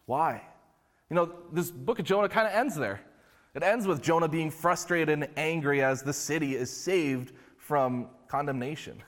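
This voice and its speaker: A male pastor preaching a sermon in a relaxed, conversational storytelling way. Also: on the high side, normal speed. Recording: long hall reverb.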